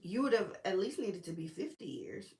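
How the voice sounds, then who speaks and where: A woman's voice: medium pitch, lively intonation, moderate pace, darkish tone, roomy sound. A woman preacher, teaching the Bible in a casual, chatty way with sassy asides.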